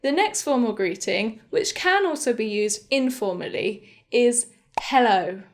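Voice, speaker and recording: A young woman teaching a beginner English lesson, speaking slowly and clearly and modelling example phrases. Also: a little high, big pitch swings. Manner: slow, clear, demonstrative pronunciation of example phrases.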